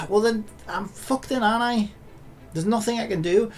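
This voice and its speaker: Streamer, male, higher-pitched and gravelly, sweary, ranting at his game, with faint music behind. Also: lively intonation, moderate pace. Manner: frustrated, swears a lot, rants at the game. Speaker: gaming streamer. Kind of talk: live gameplay commentary.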